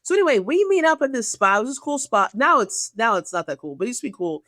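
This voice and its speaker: A woman comedian telling a dating story on a podcast, profane and animated, acting out the people she quotes. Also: fairly high pitch, fast talker, no echo. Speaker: guest comedian.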